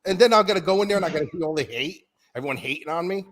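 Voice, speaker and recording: A man's voice: fairly high pitch, lively intonation, racing, crowd noise. Brash, profane man from New York. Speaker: show regular. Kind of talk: casual trash-talking chat.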